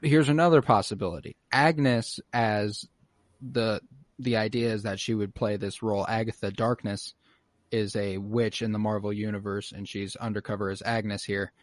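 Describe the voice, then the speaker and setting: A man with a fairly low voice co-hosts a casual pop-culture podcast. He recaps scenes in an animated way, often slipping into the characters' lines and swearing freely. The sound is dry and close, with little room in it. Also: normal speed, no room sound. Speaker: podcast co-host.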